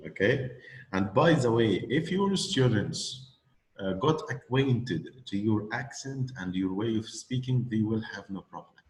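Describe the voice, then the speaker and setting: A man's voice: fairly low pitch, expressive, unhurried, rough recording. A man teaching English pronunciation, patiently modelling phrases for a student. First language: Arabic. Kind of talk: classroom lesson with a student.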